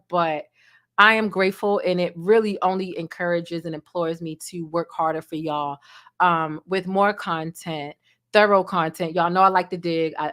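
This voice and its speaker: Woman streamer, lower voice, heartfelt, emotional, casual chat, desk mic. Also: a bit bright. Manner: emotional, heartfelt, speaks directly to viewers. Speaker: celebrity gossip livestream host. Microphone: desk microphone.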